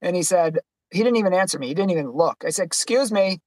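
A man's voice: lively intonation, fast, darkish tone, no room sound. A young man chatting on a livestream, telling stories and acting out the quoted people. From Boston, USA. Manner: chatty storyteller, acts out quotes in higher voice. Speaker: podcast host. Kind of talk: casual livestream chat.

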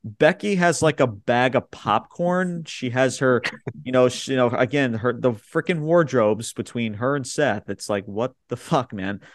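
A male co-host recaps a wrestling show for a review podcast, blunt and freely swearing in casual chat. His voice is an ordinary middle pitch, a little slow, and the recording is dry and close with no room sound or echo.

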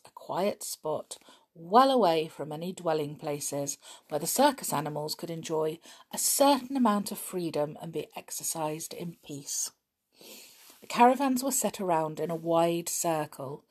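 A woman reading a children's book aloud in a lively way, giving the characters voices. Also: on the low side, slightly rough. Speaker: storybook reader.

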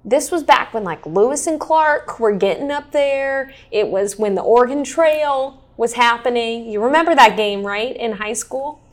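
A woman in her thirties hosting a casual chat, explaining history in a lively, chatty way. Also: fairly high pitch, moderate pace, few pauses. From Kansas City area. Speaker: weather show host.

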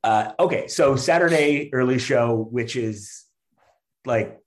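This guest is a stand-up comedian whose mid-range voice moves slowly through a chatty anecdote. Fillers and false starts pile up as he laughs frequently and performs other people's lines with animation.

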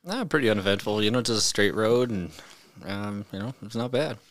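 A man's voice: on the low side, brisk. A man as a guest on a casual podcast, easygoing and filling his talk with "you know" and "uh". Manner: laid-back, lots of fillers like "you know" and "uh". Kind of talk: casual chat. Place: small podcast studio.

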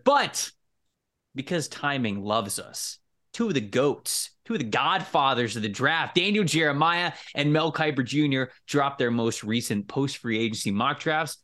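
A man hosting a casual sports podcast, upbeat and quick with asides and laughter. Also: mid-range voice, fairly bright tone. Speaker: podcast host.

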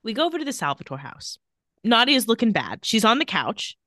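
A woman's voice: fairly high pitch, very animated, fairly quick, sharp tone, no room sound. A woman co-hosting a podcast, casually recapping TV scenes with quoted lines and dry asides. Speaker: podcast co-host recapping a TV episode. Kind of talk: casual chat.

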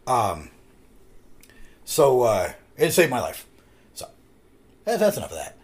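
Rambling, lively-voiced man telling stories. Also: medium pitch, takes it slowly. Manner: rambling storyteller, swears freely. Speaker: podcast co-host. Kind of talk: casual chat.

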